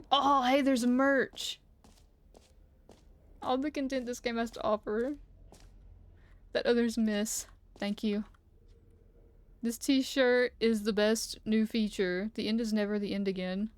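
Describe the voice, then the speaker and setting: A woman's voice: a little high, fairly even intonation, slow, pauses often, no room sound. A woman livestreaming from her room, chatting playfully and giggling as she plays. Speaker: streamer. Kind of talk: live game commentary. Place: home room.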